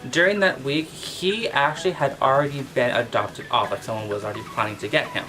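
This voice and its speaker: A man vlogger telling a casual storytime about his pet, animated and full of exclamations. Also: mid-range voice, a little fast, faint music behind. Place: at home with his cat.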